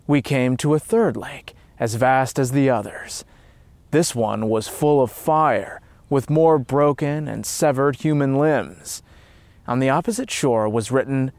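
A man telling a story in steady, earnest scripted narration. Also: mid-range voice, measured pace, dry recording.

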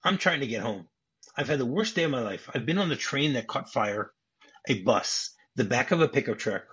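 A man voicing a frazzled, exasperated stranded traveler, pitched up, indignant and pleading, on a dull lo-fi recording. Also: lively intonation, normal speed, fairly bright tone, husky. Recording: dull lo-fi podcast audio.

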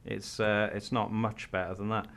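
A man's voice: lowish voice, little pitch movement, moderate pace, a bit bright. A Welsh man co-hosting a casual podcast, laughing often as he chats. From Wales. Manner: laughs often, reads aloud in a mock-dramatic voice. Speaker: podcast co-host. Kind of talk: casual chat.

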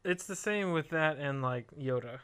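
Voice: mid-range voice, expressive, moderate pace, a bit bright, clear, resonant tone. A podcast co-host in casual chat with a dry, joking delivery.

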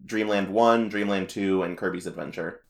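A woman's voice: a bass voice, normal speed, vocal fry. A woman co-hosting a podcast, recapping a cartoon episode in casual chat with many restarts and laughs. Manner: rambling, restarts, laughs often. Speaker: podcast co-host.

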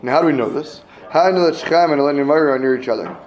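Guy teaching a class, kinda high voice, reads a bit then translates it, lots of "okay?" and repeats. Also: very fast, dull audio. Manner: reads phrase by phrase, translating each; asks students questions, repeats himself. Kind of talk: Mishnah class reading and translating.

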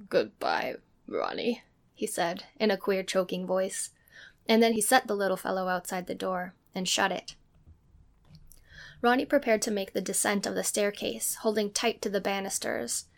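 Female narrator for a novel reading; steady, even delivery with gravelly texture. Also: mid-range voice, normal speed. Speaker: reader and co-host.

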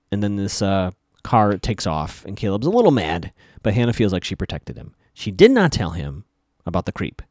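A man's voice: fairly low pitch, sing-song, normal speed, darkish tone, no room sound, clean studio sound. A man hosting a podcast, casually recapping a TV episode with chatty, wry asides.

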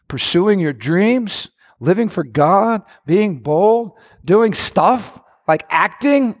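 A male pastor preaching an animated sermon, acting out quoted voices and breaking into shouts. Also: on the high side.

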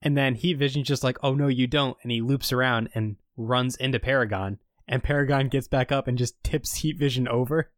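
A man's voice: medium pitch, steady tone, brisk, hardly any pauses, no room sound. Man, casual podcast recap, rambling, lots of fillers, dry close sound. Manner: rambling storytelling with many fillers. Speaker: podcast co-host recapping a show.

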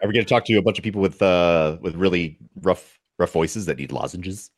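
A man's voice: low-pitched, fairly quick. A man co-hosting a podcast in a jokey, playful casual chat. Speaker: podcast co-host.

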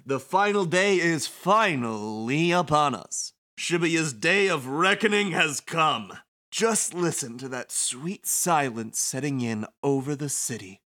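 A man's voice: on the high side, lively intonation, takes it slowly, bright, forceful tone, full character voice. A man voicing a brash male villain who hosts a deadly game, taunting like a showman announcer. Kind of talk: reading game dialogue aloud.

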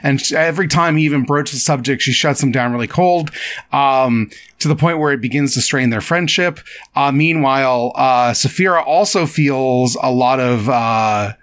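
A man's voice: mid-range voice, normal speed, a bit bright. A man co-hosting a podcast, chatting casually and rambling through a summary with hesitant fillers and restarts. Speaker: podcast co-host. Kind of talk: casual chat.

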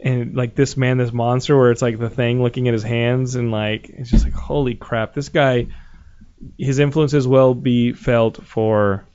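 A man hosting a podcast in casual chat, telling animated stories about movies and the people in them. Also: medium pitch, unhurried, clean tone. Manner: excitable, animated storyteller. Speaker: podcast host. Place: Southern California. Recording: dull lo-fi podcast audio.

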